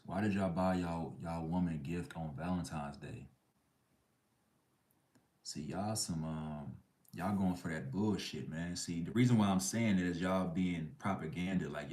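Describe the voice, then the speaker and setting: A man's voice: deep voice, darkish tone, reverberant. A man hosting a live chat stream, ranting bluntly in heavy slang. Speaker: livestream host.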